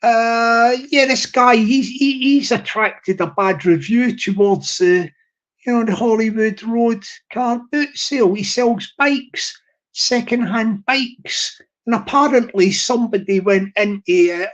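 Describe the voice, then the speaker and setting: A man's voice: very high-pitched, unhurried. A man chatting to his live stream audience in a rambling, teasing way, repeating himself and restarting.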